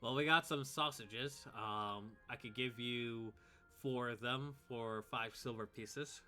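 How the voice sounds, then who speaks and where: A man playing a calm, firm old innkeeper. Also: medium pitch, faint music behind. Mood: polite. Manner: polite but firm, drawn-out hmms. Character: calm old male innkeeper, stern with freeloaders. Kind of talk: playing a character in a tabletop game.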